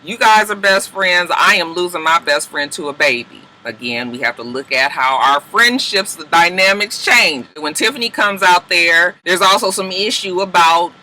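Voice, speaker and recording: A man giving a casual, profane TV episode recap, acting out the characters' lines in quick asides. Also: high voice, lively intonation, pushed and bright, slight background noise. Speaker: TV recap reviewer.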